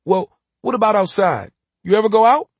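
A man reading an audiobook, voicing a curious, eager young boy with high, questioning speech. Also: expressive, fairly quick, slightly rough, no echo, exaggerated voice.

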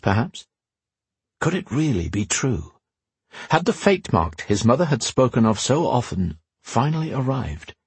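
A male audiobook narrator with a low, breathy, husky voice, telling a fantasy tale at a steady, measured pace. It is recorded close and dry, with no room echo.

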